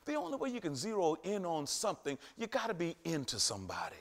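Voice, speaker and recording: A man preaching a sermon, emphatic and repetitive, with sudden loud rises. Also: a little high, wildly swooping pitch, fast talker.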